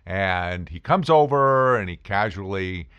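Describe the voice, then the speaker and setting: A man's voice: low-pitched, a little slow, smooth, dry recording, lo-fi sound. A man telling a funny personal story in casual talk, acting out the voices of the people in it. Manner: animated, acts out voices of people in his stories. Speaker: podcast host telling stories.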